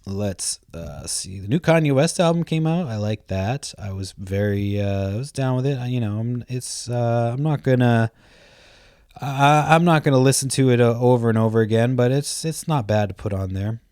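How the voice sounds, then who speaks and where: A man's voice: mid-range voice, moderate pace, darkish tone, dry recording, clean studio sound. A man hosting a podcast, telling rambling stories in casual chat, swearing freely and laughing at himself. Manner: profane, storytelling, lots of restarts and fillers; laughs at his own stories. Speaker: podcast host.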